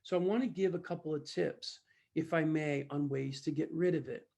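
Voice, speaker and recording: A man who trains salespeople, giving an animated storytelling talk and acting out the dialogue of the people in his anecdotes. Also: a little high, normal speed, vocal fry. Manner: animated, acts out dialogue, addresses listeners directly.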